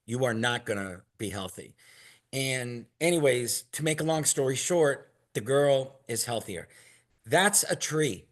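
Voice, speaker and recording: A man telling a long, rambling story in a casual, animated way and acting out what others said. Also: medium pitch. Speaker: product maker telling stories as a guest.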